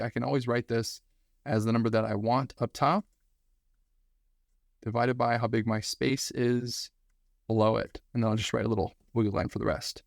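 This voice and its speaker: A man's voice: medium pitch, dry recording, clean studio sound. A man teaching a recorded statistics lesson, talking energetically and repeating phrases for emphasis.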